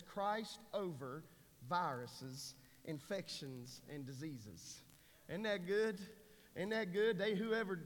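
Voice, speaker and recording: Folksy preaching man in a hall. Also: high voice. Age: 40s. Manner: earnest, folksy preaching with frequent restarts. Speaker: pastor. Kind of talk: sermon. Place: church sanctuary.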